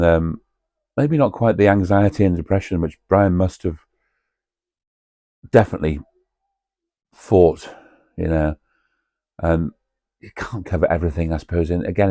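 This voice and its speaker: Low, mellow-voiced man in rambling chat. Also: no room sound, studio quality. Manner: rambling, chatty, many fillers and asides to viewers. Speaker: video host. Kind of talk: cosy pub-style film chat.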